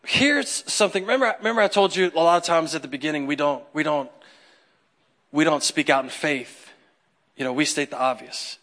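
A man preaching a sermon in a conversational, animated way, acting out the people in his stories. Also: on the high side, brisk. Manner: animated, conversational, acts out quotes. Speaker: pastor.

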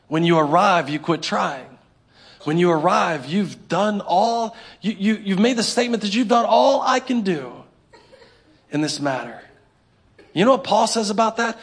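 A man preaching a sermon in a church, animated and humorous, acting out little scenes for the congregation. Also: high voice, breathy edge. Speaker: pastor. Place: church sanctuary.

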